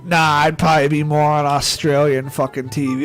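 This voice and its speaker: A man's voice: fairly high pitch, flat delivery, normal speed, soft background music. An American man streaming live, chatting casually in a rambling way, swearing constantly and laughing at his own jokes. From United States. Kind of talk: casual chat on a livestream.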